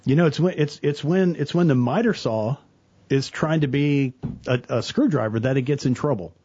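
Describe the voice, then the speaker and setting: A middle-aged man, a church worker talking about faith in an earnest, animated way, acting out the people in his stories. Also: medium pitch, normal speed, highs cut off, slight background noise. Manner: earnest, animated storyteller, quotes people in voices. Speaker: church worker, guest on a talk show. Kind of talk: casual faith talk.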